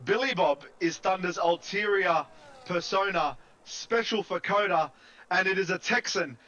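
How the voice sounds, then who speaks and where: High, bright excitable male commentator. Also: unhurried, lo-fi sound. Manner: excitable, jokey, shouts over big moments. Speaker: sim racing commentator. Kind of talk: excitable live esports commentary.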